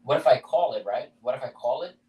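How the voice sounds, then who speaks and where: A man's voice: medium pitch, animated, quick pace, highs cut off. A man in casual podcast chat, pressing his friend with hypothetical questions. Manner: probing, lays out hypotheticals. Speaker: podcast co-host. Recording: roomy, distant mic.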